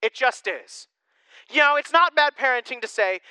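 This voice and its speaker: A young man preaching a sermon to his congregation, joking and chatting in an animated, conversational way. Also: very high-pitched, normal speed, smooth, no room sound, rough recording. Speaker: pastor.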